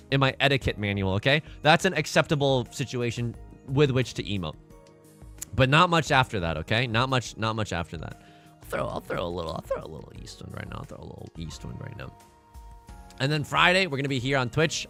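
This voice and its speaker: A man streams his gameplay live and keeps a playful running commentary. His pitch swings widely as he jokes and often jumps into loud outbursts. Faint game music plays behind him. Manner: animated, jokey, bursts into sudden loud exclamations.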